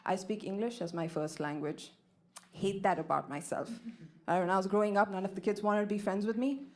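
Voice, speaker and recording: A woman's voice: medium pitch, steady tone, brisk, faint music behind. A woman who grew up in Kenya, doing a stand-up comedy set with playful storytelling and put-on accents. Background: audience laughter.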